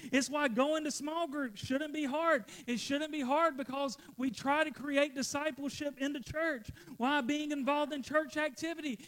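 A man's voice: very high-pitched, fairly bright tone. A male pastor preaching a sermon to his church, repeating phrases for emphasis and getting out of breath.

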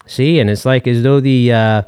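A man's voice: medium pitch, steady tone, moderate pace, darkish tone, clear, resonant tone, no room sound, clean studio sound, natural voice. A man playing a long-winded, folksy dad calling in to a comedy podcast, rambling with fillers and corny jokes. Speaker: caller. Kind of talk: comedic call-in character bit.

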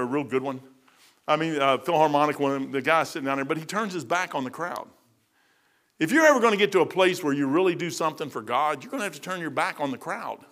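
Folksy older preacher, bright tenor. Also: male voice, on the high side. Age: 60s. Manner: folksy storytelling, bursts of loud emphasis. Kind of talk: sermon.

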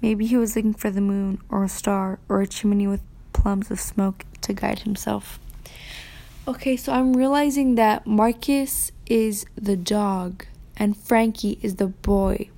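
Soft-spoken woman reading a novel aloud. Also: mid-range voice, steady tone, measured pace. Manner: soft, half-whispered reading. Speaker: student reader.

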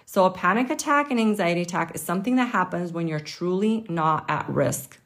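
A woman's voice: on the low side, expressive, fairly quick, a bit bright. A woman hosting a casual health podcast, talking informally with lots of fillers and the odd light laugh. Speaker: podcast host.

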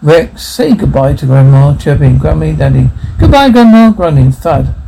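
A man's voice: medium pitch, fairly even intonation, moderate pace, creaky, background noise. A man reading a film's dialogue and sound captions aloud, doing every part and cue in one voice.

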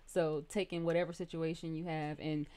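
A woman co-hosting a casual faith podcast, reading scripture aloud and growing animated at times. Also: deep voice, normal speed, clean tone. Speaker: podcast co-host.

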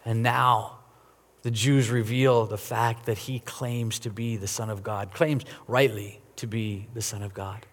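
A man's voice: on the low side, fairly even intonation, unhurried, long reverb tail. A man preaching a sermon as a pastor, earnest, often repeating words as he rises and falls in volume.

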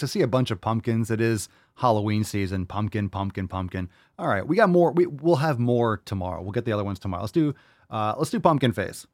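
A brash male host delivering blunt commentary at a middle pitch, recorded close and dry. He swears freely and mocks his targets with rapid rhetorical questions. His talk is loose and animated. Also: no room sound. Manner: brash, profane, mocking.

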